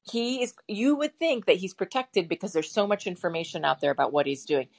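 A woman's voice: mid-range voice, expressive, fairly quick, gravelly. A woman co-hosting a podcast, chatting casually and rambling as she thinks aloud, with many fillers. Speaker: podcast co-host. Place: home setup with a bird in the background.

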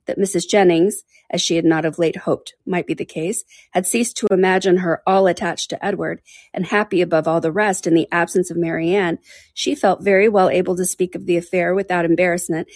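A woman reading a classic novel aloud in a measured narrating voice. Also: lowish voice, a little mellow, no room sound. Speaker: audiobook narrator.

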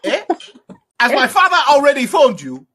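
A man's voice: extremely high pitch, wildly swooping pitch, moderate pace, pitched above the performer's own voice, full character voice. A man voicing a stern, scolding older man who barks indignant questions. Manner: loud, indignant, barking questions.

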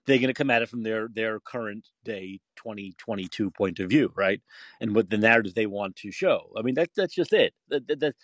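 A man's voice: fairly low pitch, brisk, fairly bright tone, no room sound. A man hosting a call-in podcast, talking in an emphatic, opinionated way, a former film critic. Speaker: podcast host. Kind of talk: casual call-in talk.

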